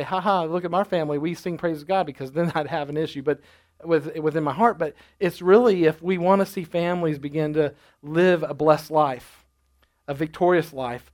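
A middle-aged man preaching a sermon as pastor, speaking conversationally with personal stories and frequent restarts. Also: fairly high pitch.

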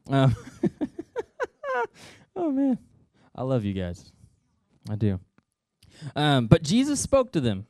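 Playful man with a very lively voice. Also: medium pitch, takes it slowly, pauses often, no room sound, clean studio sound. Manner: playful, joking, makes sound effects. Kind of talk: animated Bible story for kids.

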